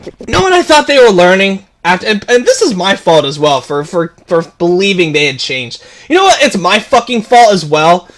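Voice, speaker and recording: Venting angrily into the camera, a gaming YouTuber speaks in a high, fairly bright voice. The rant is full of profanity and repetition, and he trips over himself with stammered restarts.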